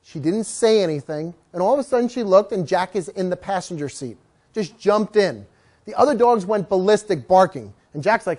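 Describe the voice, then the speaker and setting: Man, dog trainer, lecturing a class, storytelling, animated, acts out quotes. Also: sits high, normal speed.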